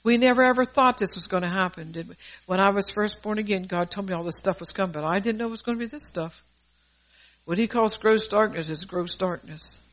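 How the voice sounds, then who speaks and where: A woman's voice: medium pitch, brisk, rough recording. A middle-aged woman preaching a sermon in a fervent, conversational way, laughing between points.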